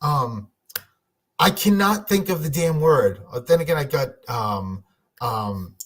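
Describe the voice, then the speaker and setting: A man's voice: a little high, animated, slow. A man doing a casual livestream reading for his viewers, chatty and rambling, with lots of restarts and fillers. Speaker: medium, livestream host.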